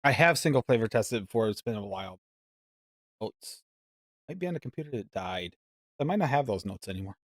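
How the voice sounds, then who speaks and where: A man's voice: on the low side, animated, a little fast, pauses often, no room sound, studio quality. A man hosting a live mixing show, chatting casually and reading recipes aloud in a rambling, musing way. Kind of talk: casual live-stream chat.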